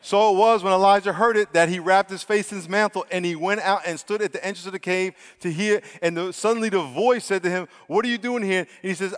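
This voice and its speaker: Preacher, male, fairly high voice, energetic and swinging from loud to hushed, church hall reverb. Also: fast talker, few pauses. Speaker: pastor. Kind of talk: sermon.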